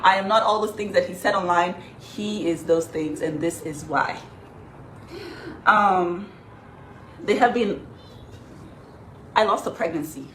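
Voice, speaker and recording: A woman's voice: on the low side, a little slow, pauses often, a bit bright. A woman telling her side of the story in a casual vlog, earnest and defiant while holding back tears. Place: home kitchen. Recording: echoey room, faint background noise.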